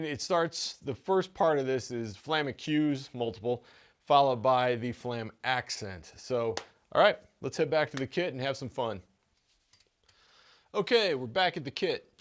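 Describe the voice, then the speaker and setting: A man giving a casual drum lesson, talking in a relaxed way with many stammered restarts and small chuckles. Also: mid-range voice. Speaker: drum teacher.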